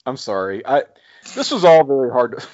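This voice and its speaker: Man, mid pitch, casual chat, wry, halting, dull lo-fi recording. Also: sing-song, darkish tone. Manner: wry, halting, self-interrupting. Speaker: podcast co-host. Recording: dull lo-fi audio.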